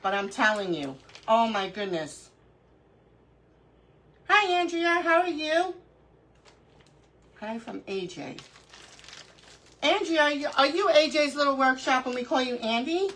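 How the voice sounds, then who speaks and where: Middle-aged woman, craft stream host, lively laughing storyteller, bright tense voice, a bit high. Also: normal speed, slight background noise, rough recording. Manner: animated storyteller, laughs often. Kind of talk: casual chat during a live crafting stream.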